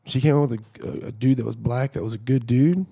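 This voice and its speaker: A middle-aged man in a casual podcast chat, telling animated stories and acting out what people said. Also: mid-range voice, fast, gravelly, husky. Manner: animated storyteller acting out quoted dialogue.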